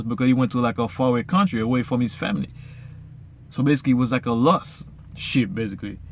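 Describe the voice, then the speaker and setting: A man reading Bible verses slowly, then retelling each one casually in everyday slang. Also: medium pitch. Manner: frequent fillers and restarts, says basically a lot. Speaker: Bible reader and explainer. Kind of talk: casual Bible study talk.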